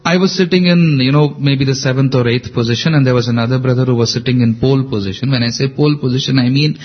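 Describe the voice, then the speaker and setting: A man, telling an animated, personal story in conversation. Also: medium pitch, quick pace, lo-fi sound. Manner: animated, repeats himself. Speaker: guest speaker.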